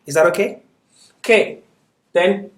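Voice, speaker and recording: In an echoey classroom, a male Arabic teacher speaks from far away, his voice sitting high, a bit bright and unhurried. He lectures patiently and regularly checks in with "is that okay?"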